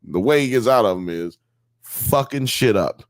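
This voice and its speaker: Animated, profane male podcast co-host. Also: mid-range voice, moderate pace, no room sound, clean studio sound. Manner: animated, profane, acts out characters in a mock New York accent. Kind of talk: casual podcast chat.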